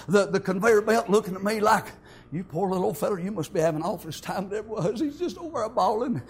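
A man's voice: high-pitched, slightly rough. An older man, telling his church testimony in a folksy, homespun way. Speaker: church member giving testimony.

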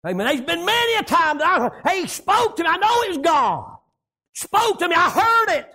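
A man preaching a sermon, shouting lines and dropping low, with frequent amens. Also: big pitch swings, normal speed.

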